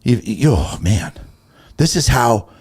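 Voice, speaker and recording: Animated man preaching in a casual chat. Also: mid-range voice, takes it slowly, breathy edge. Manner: emphatic and heated, acts out little quoted exchanges. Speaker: co-host of a Christian talk show. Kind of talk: casual faith talk, preachy.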